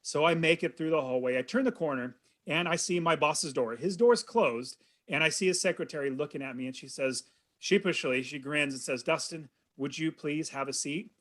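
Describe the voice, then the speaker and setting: A man in his thirties, a podcast guest, telling a personal story in an earnest, animated way. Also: fairly high pitch, brisk. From California. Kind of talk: storytelling in an interview.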